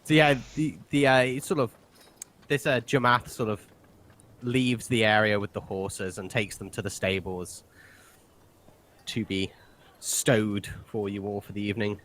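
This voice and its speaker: A man's voice: fairly low pitch, fairly even intonation, unhurried, pauses often, a bit bright. A man narrating a tabletop game as game master, rambling and hesitant.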